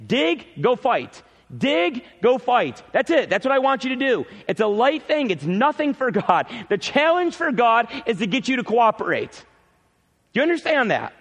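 Emphatic high-voiced male preacher, reverberant hall. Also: big pitch swings, normal speed, a bit bright. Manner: emphatic preaching, repeats key phrases, rises and drops sharply. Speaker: pastor. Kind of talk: sermon.

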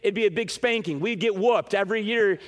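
A man preaching a sermon as pastor, emphatic and animated, speaking straight to his congregation. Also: sits high, fairly quick, long reverb tail. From western New York.

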